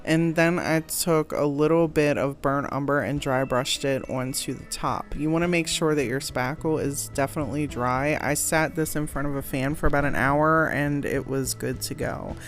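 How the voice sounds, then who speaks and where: A woman's voice: low voice, steady tone, moderate pace, few pauses, faint music behind. A woman talking through a craft tutorial in a casual voice-over, chatty and giggly, often poking fun at herself. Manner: chatty, giggly, self-deprecating. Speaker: crafting vlogger.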